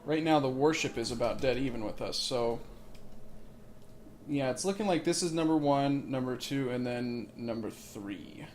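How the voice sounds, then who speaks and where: A man's voice: medium pitch, moderate pace, darkish tone, slight background noise. A man hosting a let's play, giving casual gameplay commentary with joking, rambling asides, recorded on a makeshift mic setup.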